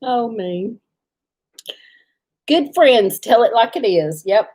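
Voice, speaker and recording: Slow, husky woman laughing. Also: fairly high pitch, expressive, a little mellow. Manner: laughs often, drawling storyteller. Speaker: livestream co-host. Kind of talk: casual live chat.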